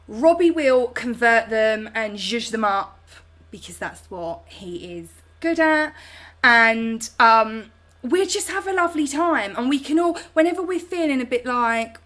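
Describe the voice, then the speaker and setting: A bubbly, chatty woman with a British English accent talks through viewer comments on her home livestream. Her voice sits a little high, and she slips into slang and friendly asides as she goes. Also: a bit bright. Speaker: host. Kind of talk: casual chat reading viewer comments on a livestream.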